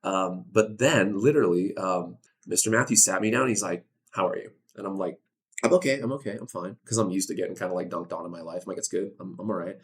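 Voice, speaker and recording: A young man talks casually as a guest in an interview. His voice sits very low, and he speaks loosely, full of dude and man, with bursts of excitement. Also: fast, few pauses. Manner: animated, laid-back, says dude and man a lot. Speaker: voice actor guest.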